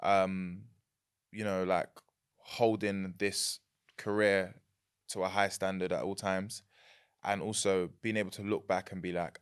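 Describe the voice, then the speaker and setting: A young man with a London accent, chatting as a podcast guest, animated and quick to laugh. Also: low voice, smooth. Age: young adult. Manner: animated, laughs easily, repeats words. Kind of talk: casual chat.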